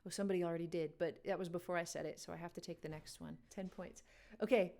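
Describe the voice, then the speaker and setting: This woman's lowish voice is creaky and mellow, with fairly even intonation, and she talks at a quick pace. Hosting a live music quiz, she chats casually with viewers, addresses chat and laughs often.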